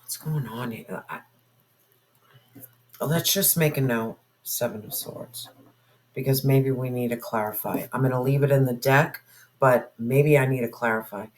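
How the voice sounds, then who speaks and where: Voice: mid-range voice, moderate pace, slight background noise, rough recording. A tarot reader giving a spoken reading to viewers, musing aloud and asking spirit questions in an intuitive way.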